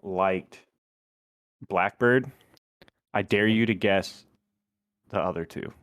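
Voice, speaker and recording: A man's voice: fairly low pitch, takes it slowly, dry recording, studio quality. A man co-hosting a podcast, chatting casually in a teasing way. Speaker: podcast co-host. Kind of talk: casual chat.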